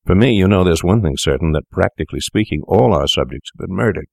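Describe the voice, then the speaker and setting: Storybook: unscrupulous young doctor, cool and dismissive, read by a deep-voiced male narrator; dry sound. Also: lively intonation, quick pace, creaky, a little mellow, dry recording, heavily acted.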